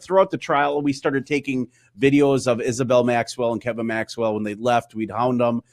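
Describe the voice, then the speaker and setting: A man's voice: mid-range voice, fairly even intonation, moderate pace, dry recording, studio quality. A man, a guest on a casual show, who tells long rambling anecdotes and acts out the quoted exchanges. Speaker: guest, radio news host. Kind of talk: casual chat. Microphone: wearing headphones on a call.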